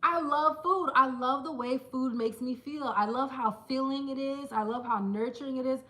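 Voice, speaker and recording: A woman talks casually to a small handheld camera in a vlog. Her voice is bright and pitched a little high. She is chatty and playful, addressing viewers as close friends. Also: moderate pace. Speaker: vlogger.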